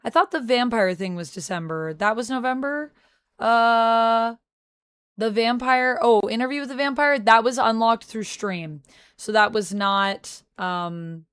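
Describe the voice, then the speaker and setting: A woman's voice: on the high side, fairly bright tone, smooth, dry recording, studio quality. A woman streamer in casual livestream chat, talking from home and answering her viewers' messages aloud. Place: home on a military base.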